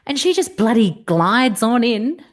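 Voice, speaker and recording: A woman's voice: a little high, very animated, unhurried. An Australian woman co-hosting a podcast in casual chat, swearing freely and laughing often. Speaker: podcast co-host.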